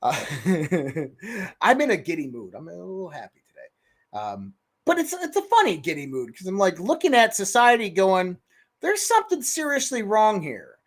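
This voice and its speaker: A man hosting a casual political commentary show, animated and swearing freely. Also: high voice, normal speed. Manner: animated, swears freely, mimics others in raised voice. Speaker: podcast host.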